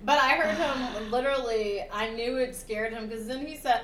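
A woman's voice: fairly high pitch, expressive, normal speed, reverberant, far from the mic, a crowd in the background. A young woman telling a prank story in casual chat, giggling and using lots of "like" fillers.

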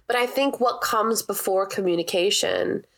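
A woman's voice: medium pitch, moderate pace, gravelly, fairly bright tone. A woman co-hosting a podcast who mostly listens and answers with brief agreement, making a point now and then. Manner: attentive listener, brief affirmations. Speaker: podcast co-host. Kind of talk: casual chat.

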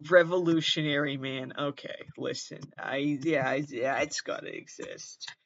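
This man hosts his own podcast with a Midwestern accent, his fairly high voice steady and a little bright at a normal speed, though the highs are cut off. He reads aloud in a casual, comedic way, often dissolving into giggles and apologies.

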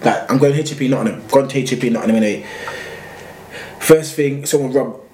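Speaking a little fast at medium pitch, this podcast guest with a London accent tells a lengthy tale full of slang. He rambles and acts it out with energy, and the room is echoey with a faint hum of noise.

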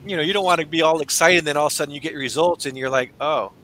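Bright-voiced man hosting a podcast. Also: fairly high pitch, rapid-fire. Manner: conversational, agreeable, frequent "you know". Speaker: podcast host and exam instructor. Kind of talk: casual podcast chat.

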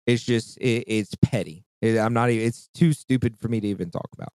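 A man's voice: fairly low pitch, brisk, darkish tone, dry recording. A man in his thirties, hosting a podcast in casual chat and telling a story in a heated, profane rant. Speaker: podcast host.

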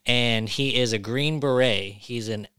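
A man hosting a casual podcast, with a bright, tense edge to his smooth, crisp voice. He speaks bluntly and indignantly, firing pointed questions at his guest, and the sound is dry and close. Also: mid-range voice, a little slow, no room sound. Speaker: podcast host.

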